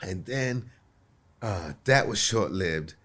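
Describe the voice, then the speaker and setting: On a podcast recording, a comedian guest with a lowish voice tells a long anecdote at a slow pace. He's animated, repeating words as he restarts and acting out other people's voices.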